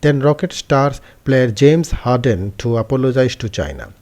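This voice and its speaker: A man narrating a scripted news explainer in a measured reading voice, with occasional slips and restarts. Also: medium pitch, lively intonation, a little mellow.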